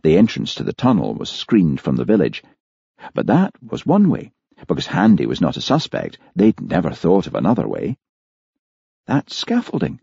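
Deep, husky male narrator. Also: huge pitch swings, normal speed, mellow, dry recording. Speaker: audiobook narrator. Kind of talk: scripted narration. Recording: dry, slightly dull studio recording.

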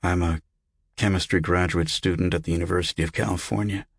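A man doing a rasping, scared young patient. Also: sits low, fairly even intonation, fast talker, no room sound, clean studio sound, exaggerated voice. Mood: tense. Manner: demanding, frightened. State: raspy. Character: confused young man, a graduate student, waking up.

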